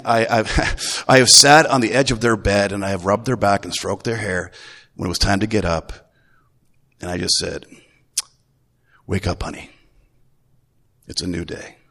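A middle-aged man, a grandfather, preaching a Sunday sermon in a relaxed, folksy way, full of restarts. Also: lowish voice. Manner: conversational, folksy, with repeated restarts. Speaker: pastor. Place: church. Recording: long reverb of a church hall.

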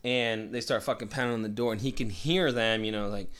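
A man's voice: fairly low pitch, fairly even intonation, a little fast, fairly bright tone, clear, resonant tone. A man telling a long story in casual chat, swearing constantly, rambling and acting out what people said. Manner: profane, rambling, acts out quoted lines.

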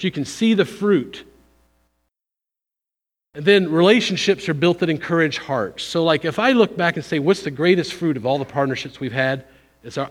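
A man giving a conversational, folksy missions sermon in a church, pushing up for emphasis and then dropping low. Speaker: visiting missions speaker. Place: church sanctuary. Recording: long hall reverb.

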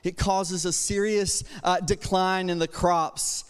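A male pastor preaching a sermon with personal stories, energetic and humorous, moving between quiet asides and loud exhortation. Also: high-pitched, takes it slowly, clean tone. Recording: long hall reverb.

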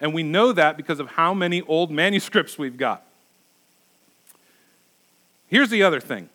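A man's voice: on the high side, animated, normal speed, pushed and bright. A man preaching as a pastor, conversational and emphatic, asking his listeners rhetorical questions. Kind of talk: sermon.

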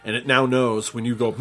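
A man's voice: medium pitch, fairly bright tone. A man in casual podcast banter who swears, wisecracks and jumps in often. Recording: noisy, with clicks.

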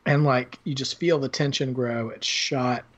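This man hosts a podcast and talks about movies in a loose, rambling style, with lots of fillers and false starts. His voice is medium in pitch, a bit bright, fairly even in intonation and measured in pace.

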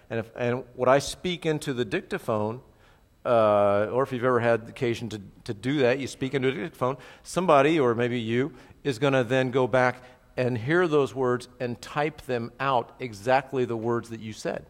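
A middle-aged man preaches a verse-by-verse sermon in a relaxed, conversational way. He keeps turning to his listeners with quick asides and checks that they follow along. His mid-range voice carries a long reverb from a church hall. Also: mid-range voice. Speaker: pastor. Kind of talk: expository sermon.

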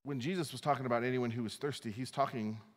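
A man's voice: mid-range voice, steady tone, quick pace, big-room sound. A man preaching a sermon as pastor, talking conversationally, restarting his phrases and reading scripture aloud.

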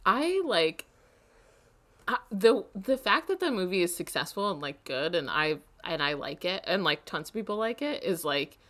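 Podcast co-host: woman, low-pitched with vocal fry, rambly and casual. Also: normal speed. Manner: rambling, filler-heavy, gets shrill when excited. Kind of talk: casual chat.

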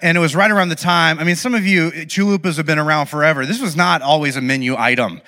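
A man with a high, bright voice talks fast and animatedly to an audience, giving a sermon built on humorous, self-deprecating stories. His words trail off into the long reverb of a big hall.

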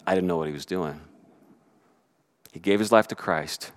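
A middle-aged man preaching a sermon, telling stories in an animated way and swinging from loud to hushed. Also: low-pitched, normal speed, pauses often. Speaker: pastor.

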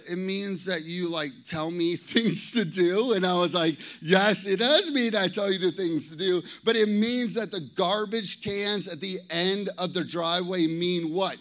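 A man in his thirties preaching a lively, jokey sermon to a congregation in church. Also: high-pitched. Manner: energetic, jokey, talks straight to the congregation. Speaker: pastor.

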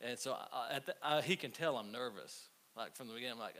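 A man preaching a conversational sermon, telling stories with halting restarts. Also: mid-range voice, fairly bright tone. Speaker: pastor. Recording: faint hiss.

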